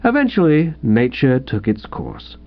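A man reading a comic story aloud in an expressive, animated narration, in a dull lo-fi recording. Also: mid-range voice, measured pace. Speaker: audiobook narrator.

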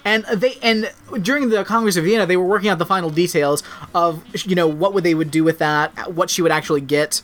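A man's voice: high voice, fairly even intonation, a little fast, few pauses, a bit bright. A man co-hosting a podcast, telling a history anecdote in a loose, rambling way with many fillers. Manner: rambling, filler-heavy storytelling. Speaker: podcast co-host. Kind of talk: casual chat.

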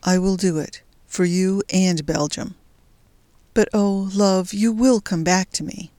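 A woman's voice: medium pitch, fairly even intonation, unhurried, dark tone, no room sound, natural voice. A woman voicing a frightened but loyal young heroine who pleads anxiously.

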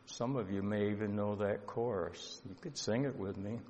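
A male pastor telling a story in a sermon, slow and earnest, with emotion rising at times. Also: fairly low pitch, darkish tone. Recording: dull lo-fi sound with long hall reverb.

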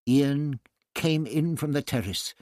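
A man narrating an adventure story as an audiobook, reading in an expressive, dramatic way. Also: a little high, slow pace, dry recording, studio quality.

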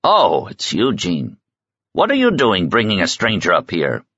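A man voicing a gruff, suspicious older woman in an audiobook, grumbling and sharp. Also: deep voice, huge pitch swings, a little slow, no room sound, full character voice. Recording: slightly muffled dry audiobook recording.

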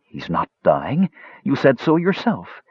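A man reading the part of a defiant, frightened young woman in an audiobook, raising his pitch for her, on a dull, dry, lo-fi recording. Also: huge pitch swings, slow, breathy edge, no room sound, heavily acted. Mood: indignant.

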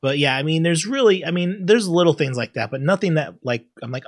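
A man co-hosting a podcast in a casual chat, animated, often laughing and acting out scenes in loud high bursts. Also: brisk, dry recording, studio quality. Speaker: podcast co-host.

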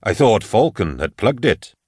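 A man's voice: lowish voice, very animated, unhurried, a little mellow, breathy edge, no room sound, clean studio sound, full character voice. Man reading as a deferential male trooper. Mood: puzzled.

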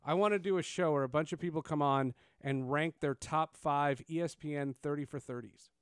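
A man's voice: fairly high pitch, fairly quick, clean tone, dry recording, clean studio sound. A man, hosting a casual interview and telling stories with lots of fillers and restarts. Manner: animated storyteller, many fillers and restarts. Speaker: podcast host.

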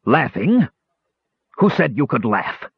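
A man's voice: medium pitch, big pitch swings, takes it slowly, vocal fry, husky, no room sound, pitched above the performer's own voice, heavily acted. A man playing a ranting unhinged king. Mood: indignant. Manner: ranting, swinging between loud and hushed. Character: unhinged lonely human king, ranting and grandiose. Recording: dull lo-fi dry recording.

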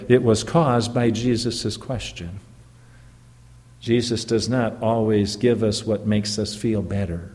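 A man's voice: on the low side, a little mellow, long reverb tail. A man who is a pastor preaching a sermon in an earnest, emphatic way, often stopping to check in with the congregation through rhetorical questions.

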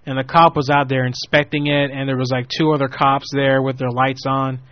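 A man's voice: mid-range voice, brisk, no room sound. A young man in his twenties, hosting a show and telling a long rambling story with lots of swearing, acting out the people he quotes. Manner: rambling, profane, animated quoting of people. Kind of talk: casual storytelling. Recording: muffled lo-fi audio.

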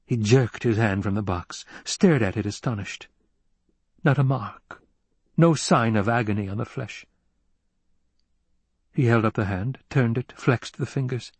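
A man narrating a novel as an audiobook in an even, unhurried storytelling manner. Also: medium pitch, slightly rough, dry recording. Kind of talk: scripted narration.

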